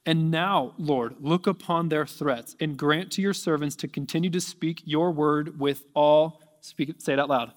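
A man preaching a sermon, reading scripture aloud and rising to near shouting at its peaks. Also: fairly high pitch, moderate pace, big-room sound. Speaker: pastor.

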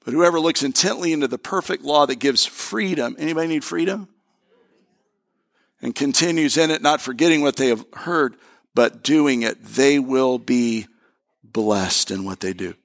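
A middle-aged man, a pastor, preaching a sermon in an animated way, repeating his phrases and talking straight to the congregation. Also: mid-range voice, normal speed, vocal fry.

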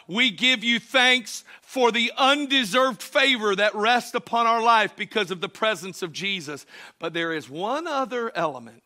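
A man, a pastor preaching a sermon, swinging between shouted exhortation and quieter teaching. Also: high-pitched.

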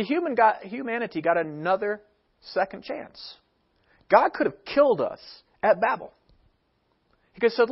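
A man's voice: high voice, husky. A man preaching a sermon, emphatic, with rhetorical questions and acted-out quotes, heard on a dull lo-fi recording. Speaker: pastor. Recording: dull lo-fi sound.

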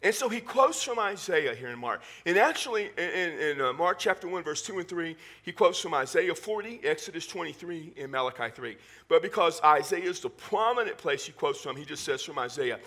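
A male pastor with a Southern Texas accent preaching a sermon in church, animated and full of joking asides. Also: fairly high pitch, a little fast, few pauses.

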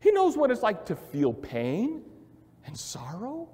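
A male pastor preaches in a church sanctuary with a high, very lively voice, building phrases through repetition. He swings from hushed passages to loud, ringing lines. His voice carries a long hall reverb. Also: takes it slowly, husky. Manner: emphatic, repetitive, swells from quiet to loud. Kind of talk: sermon.

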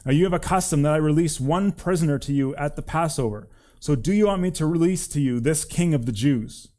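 A man's voice: on the high side, brisk, a little mellow, voice pushed up, natural voice. Man voicing a stern governor, insistent questions, scripture reading. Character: stern Roman governor, man, pressing and uneasy.

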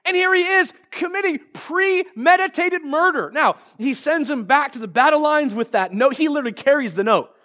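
High-voiced pastor preaching a story-driven sermon. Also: male voice, lively intonation, moderate pace, hardly any pauses, pushed and bright. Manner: storytelling, acting out quoted lines with restarts.

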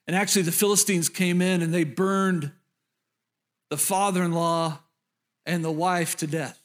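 A pastor with a notably high voice tells a Bible story from the pulpit. He speaks in an animated, conversational way and turns to address the congregation directly. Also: measured pace. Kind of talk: sermon retelling a Bible story.

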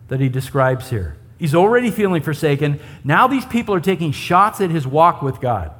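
Conversational preacher in an echoing hall. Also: male voice, on the high side, fairly bright tone. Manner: conversational, asks rhetorical questions. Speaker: pastor. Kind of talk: sermon. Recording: long hall reverb.

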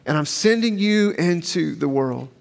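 A man preaching a sermon as pastor, measured and emphatic, slowing down for repeated refrains and leading a prayer. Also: on the high side, expressive, creaky, big-room sound.

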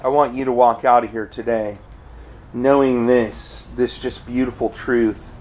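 A man preaching a sermon, earnest, often crying out quoted pleas loudly. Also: medium pitch, fairly even intonation, measured pace, slight background noise, poor audio. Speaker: pastor.

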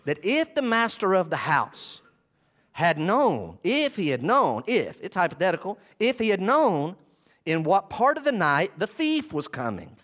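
A man's voice: a little high, fairly bright tone. A man preaching a sermon, teaching through a Bible passage verse by verse and repeating key phrases for emphasis. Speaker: pastor.

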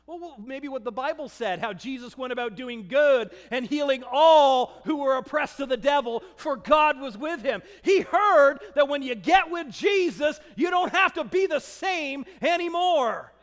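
High-voiced, impassioned male preacher. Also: lively intonation, a little slow, few pauses, big-room sound. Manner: impassioned, swinging between shouts and hushed emphasis. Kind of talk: sermon.

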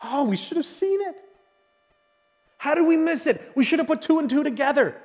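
Brief: a man acting out a disciple kicking himself, high voice, echoing hall. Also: animated, normal speed, darkish tone. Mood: regretful. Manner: exclaiming, self-reproaching. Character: rueful male disciple looking back. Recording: long hall reverb.

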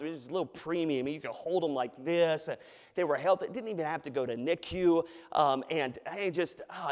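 A man in his thirties preaching a sermon in a church, with an emphatic, repetitive cadence and relaxed asides. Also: on the high side. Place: church sanctuary. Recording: long reverb of a church hall.

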